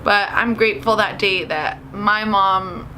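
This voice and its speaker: A woman's voice: mid-range voice, a little slow, bright, forceful tone, slight background noise. A young woman telling a story in a casual, chatty vlog, switching into the voices of the people she quotes. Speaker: vlogger.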